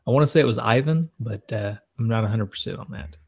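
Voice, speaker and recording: A man's voice: on the low side, fast, vocal fry, a little mellow, breathy edge. An easygoing man co-hosts a casual podcast. He laughs easily and lets his sentences trail off. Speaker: podcast co-host.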